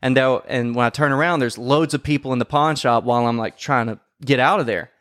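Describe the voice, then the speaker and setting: A man telling a story in casual podcast chat, swearing often and acting out quoted lines loudly. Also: medium pitch, fairly quick, no room sound. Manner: profane, animated, acts out quotes loudly. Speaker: podcast co-host.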